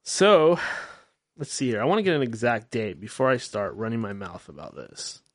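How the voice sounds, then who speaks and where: A man's voice: medium pitch, expressive, normal speed, dry recording, clean studio sound. A man hosting a radio-style podcast, talking in a rambling, candid, self-mocking way and swearing freely. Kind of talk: casual solo talk-show monologue.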